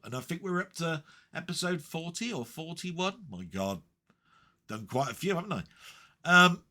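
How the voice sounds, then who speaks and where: A man's voice: fairly high pitch, bright, forceful tone. A man chatting on his gaming vlog, reading out viewer comments with joking, sweary banter and lots of rambling fillers. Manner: rambling with many fillers and restarts. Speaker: retro gaming vlogger.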